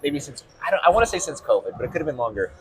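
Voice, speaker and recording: Very fast-talking man host. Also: fairly high pitch, over music, low-quality recording. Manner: rambling, many "yeah" fillers, storytelling. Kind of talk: casual conversation. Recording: steady background noise.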